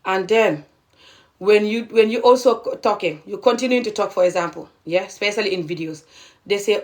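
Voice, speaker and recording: A woman's voice: mid-range voice, moderate pace. A young adult woman from Gambia giving heated, indignant social commentary to camera, pressing each point with a repeated "okay?". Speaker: video creator.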